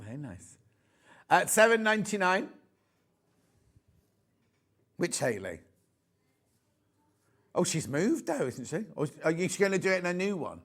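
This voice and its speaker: A Yorkshire man fronts a live shopping broadcast, gushing over each item and wandering off into chatty asides. His voice sits a little on the high side. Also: a bit bright. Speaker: shopping channel presenter. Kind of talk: live sales chat. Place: TV studio.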